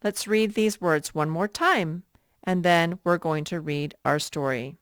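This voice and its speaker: A woman teacher leading an early reading lesson for young children, patient and repeating words slowly. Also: lowish voice, clear, resonant tone, no echo, studio quality.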